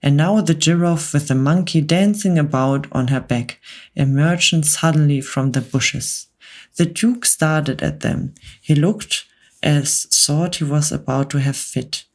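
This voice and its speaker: Soft-spoken woman, whispered storytelling. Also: low-pitched, a little slow. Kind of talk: whispered role-play.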